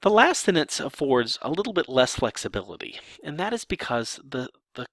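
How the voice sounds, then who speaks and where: A man's voice: a little high, normal speed, no echo. A man teaching sign language grammar, explaining examples step by step with some restarts. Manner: lively explanatory delivery with restarts.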